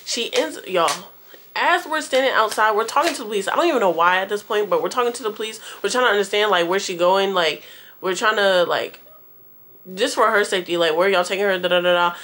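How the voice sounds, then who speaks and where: A woman's voice: mid-range voice, fairly quick, a bit bright. A young woman vlogger telling a storytime tale to her viewers in a slangy, profane, chatty way. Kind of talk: casual storytime.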